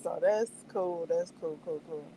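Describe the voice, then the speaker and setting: Slow-talking, animated woman streamer. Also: lowish voice, a little hiss or hum, rough recording. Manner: animated, laughs often, acts out her own reactions; meandering with many fillers. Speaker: livestream host reviewing a show. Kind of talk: casual chat.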